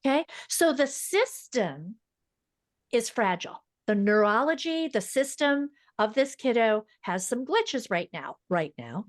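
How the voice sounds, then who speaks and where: Woman, podcast guest, speech-language pathologist, fast talker, emphatic, teacherly, dry close sound. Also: on the high side, very animated, dry recording. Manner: fast-talking. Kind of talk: podcast interview.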